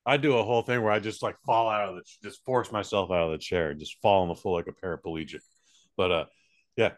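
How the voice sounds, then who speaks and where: A man co-hosting a comedy podcast, telling crude stories with excitable, profane outbursts. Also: sits low, fast talker, no echo, studio quality. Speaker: podcast co-host.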